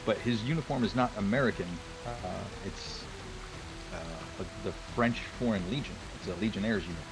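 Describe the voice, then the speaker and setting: A man narrating as game master, talking hesitantly with many pauses. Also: fairly low pitch, rough recording. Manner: hesitant, lots of ums. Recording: music behind the voice.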